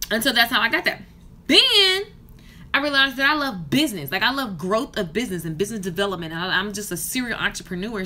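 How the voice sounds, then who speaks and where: In a hotel room, a thirtysomething hair stylist and business coach delivers a passionate, fired-up vlog rant to camera. Her mid-range voice has a sharp tone, and there's a slight hiss or hum.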